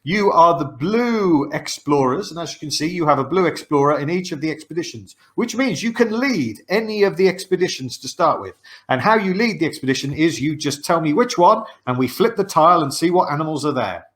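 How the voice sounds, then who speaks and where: A man's voice: a little high, animated, fairly quick, fairly bright tone. A man hosting a board game show over a video call, patiently explaining the rules with frequent "uh" fillers. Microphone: video call mic.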